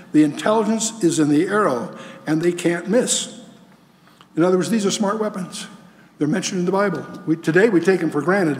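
A man's voice: a little high, a little mellow. A man giving a lecture-style Bible teaching with slides, emphatic and full of rhetorical questions and restarts. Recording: long hall reverb.

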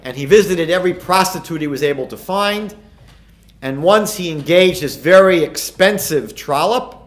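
High-pitched guy rabbi giving a talk, retelling old stories, lots of why questions. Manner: storytelling, emphatic rhetorical questions. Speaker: rabbi lecturer. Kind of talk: recorded lecture.

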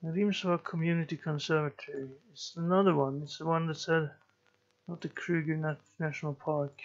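A man giving slow let's play commentary, musing and thinking aloud as he plays. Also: a little high, fairly even intonation, dull audio. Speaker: gameplay commentator.

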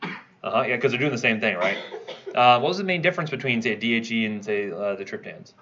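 A man's voice: mid-range voice, fairly quick, lo-fi sound, background noise. A man teaching a pharmacology review class, quizzing students and checking in with "right?" as he goes. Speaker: pharmacology instructor. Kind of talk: review lecture.

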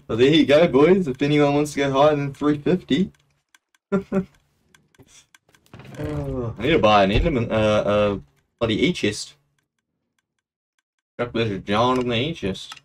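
Young aussie bloke on a game stream, chatty, giggles a lot, mid-pitched everyday voice, hypes up an in-game auction. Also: male voice, unhurried, pauses often. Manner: chatty, laughs often, playful auctioneer bursts. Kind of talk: live gameplay stream commentary.

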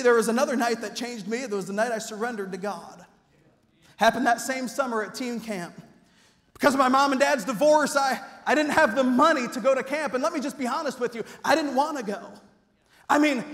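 A man with a very high, bright speaking voice, preaching to a church crowd. He tells his story with big animated swings and acts out every quoted voice. The sound rings with long reverb from the church hall. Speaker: youth pastor. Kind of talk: storytelling sermon. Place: church sanctuary.

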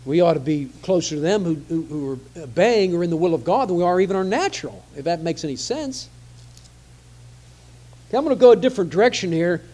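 A man's voice: high voice, expressive, fast, mellow. A man preaching a conversational sermon, often repeating phrases for emphasis.

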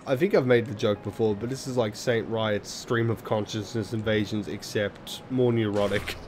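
A man's voice: on the low side, steady tone, normal speed, noisy background. A man playing a video game and commenting in a rambling, self-deprecating way, swearing often. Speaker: let's play gamer. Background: video game music.

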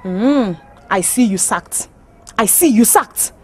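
An actress with a Nigerian accent playing a bossy, jealous young wife who scolds loudly in broken English. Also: female voice, mid-range voice, animated, takes it slowly. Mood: scornful. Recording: echoey room with music.

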